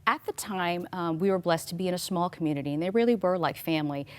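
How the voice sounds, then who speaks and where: A woman's voice: lowish voice, fast, no echo. Earnest middle-aged woman telling her story. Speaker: guest author. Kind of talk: faith talk show interview.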